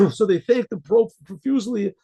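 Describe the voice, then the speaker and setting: A man, a rabbi, telling a folk story in a rambling way, often clearing his throat and restarting. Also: high-pitched, unhurried, a little mellow. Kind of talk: oral storytelling.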